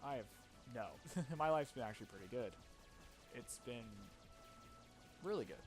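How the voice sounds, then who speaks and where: A man's voice: medium pitch, animated, unhurried, darkish tone, faint music behind. A young man in his twenties giving casual gameplay commentary, rambling and self-mocking with frequent swearing. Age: young adult. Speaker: let's play commentator.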